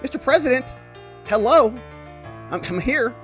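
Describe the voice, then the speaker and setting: A man putting on the voice of a cheeky, impatient little girl, pitched up and sassy. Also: lively intonation, a little slow, fairly bright tone, soft background music, exaggerated voice.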